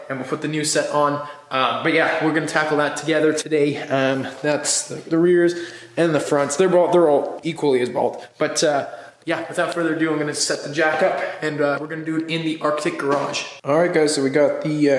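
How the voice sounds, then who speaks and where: Hoarse man, scratchy voice, slightly high, rambling vlog talk, garage with long echo. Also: a bit bright. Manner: rambling, with fillers and restarts. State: hoarse, recovering from a cold. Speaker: car vlogger host. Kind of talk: casual how-to vlog. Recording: echoey garage with long reverb.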